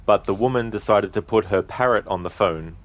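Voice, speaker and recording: A man's voice: on the low side, a little fast, dry recording. A male streamer chatting casually with viewers while playing, reading out their redeems. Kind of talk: casual live-stream chat while gaming.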